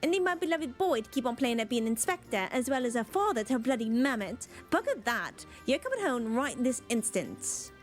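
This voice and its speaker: A stern, no-nonsense mother from a fantasy game, barking orders in a rough British accent, as a woman puts her on. Her talk is brusque and scolding. The voice sits a little high. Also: sing-song, a little fast, hardly any pauses, soft background music. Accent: rough British attempt. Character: stern blunt mother of a grown son.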